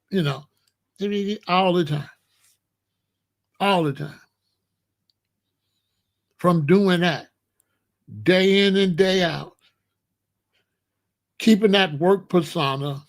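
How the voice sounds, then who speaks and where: A man's voice: high-pitched, gravelly. A middle-aged man from the United States talking in a blunt, emphatic casual monologue, often repeating himself. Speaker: commentary channel host.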